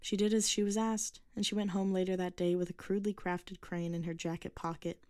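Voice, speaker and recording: A woman reading a short story aloud in a measured, even way. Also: fairly low pitch, no room sound. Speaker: narrator. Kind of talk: scripted story narration.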